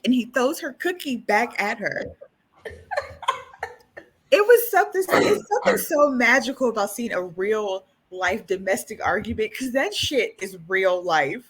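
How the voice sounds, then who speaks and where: A woman co-hosting a casual podcast chat, retelling scenes with animated energy and frequent swearing. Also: a little high, measured pace, slightly rough. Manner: animated storyteller, acts out scenes; swears freely. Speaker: podcast co-host.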